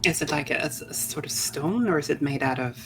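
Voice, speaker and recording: Woman, tabletop player, very low voice, hesitant and apologetic, noisy recording. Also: expressive, fast talker. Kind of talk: in-character play in a tabletop game.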